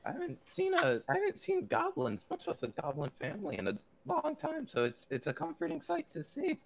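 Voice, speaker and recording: A man voicing an awkward, friendly male adventurer who stammers in a high-pitched voice. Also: wildly swooping pitch, brisk, gravelly, noisy background, heavily acted.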